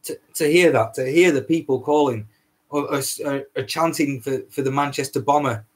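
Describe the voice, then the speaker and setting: Speaking at a moderate pace, this male solo podcast host has a mid-range voice with a breathy edge. His rant is heated and repetitive, full of frequent swearing and stumbles.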